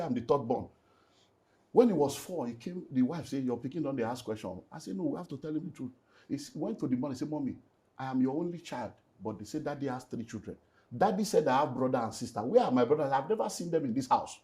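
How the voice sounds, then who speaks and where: In a mid-range voice, a middle-aged Nigerian pastor and relationship speaker relates an emotional personal testimony in an interview. He keeps it lively, slips into Nigerian Pidgin, and moves between loud outbursts and hushed moments.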